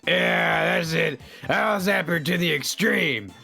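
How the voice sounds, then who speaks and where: Sonichu, as a man reads him, gravelly and bright. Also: fairly high pitch, takes it slowly, faint music behind, exaggerated voice. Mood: reassuring. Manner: easygoing, earnest, goofy. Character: cheerful boyish male electric creature. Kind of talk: casual comic read-aloud.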